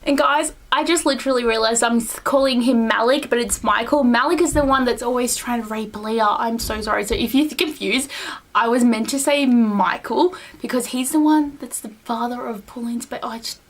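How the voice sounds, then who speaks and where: A woman's voice: on the high side, normal speed. A young woman reviewing a book in a casual vlog, gushing and rambling, with a lot of "like" and acted-out quotes. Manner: gushing, rambling, heavy use of "like", acts out quotes.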